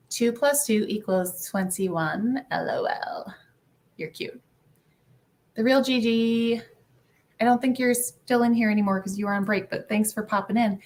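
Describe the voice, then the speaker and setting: A woman hosting a casual livestream, greeting viewers by name and swearing offhandedly. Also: mid-range voice. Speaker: livestream host. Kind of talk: casual live chat.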